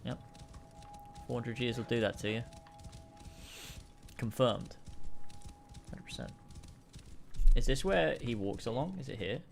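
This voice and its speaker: A man's voice: medium pitch, lively intonation, a little slow, vocal fry, pauses often, faint music behind. A young man casually commenting while playing a video game, sarcastic and swearing freely as he rants about its missions. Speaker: gaming streamer. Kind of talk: casual let's-play commentary.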